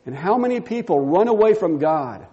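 A middle-aged man with a high voice preaches from the pulpit. He tells stories in an animated way and acts out the voices of the people he quotes as a pastor. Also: moderate pace, dull audio. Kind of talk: sermon.

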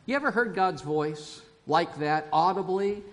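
A male pastor delivers a sermon in an unhurried, measured way, his voice sitting a little higher than most men's. He talks conversationally to the congregation, chuckling now and then and doubling back on words. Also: lively intonation. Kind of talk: sermon with scripture reading.

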